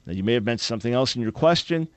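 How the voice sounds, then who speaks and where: A man's voice: mid-range voice, animated, very fast, a little hiss or hum. A man hosting a call-in radio talk show, speaking in an earnest, emphatic, preacher-like way into a studio microphone.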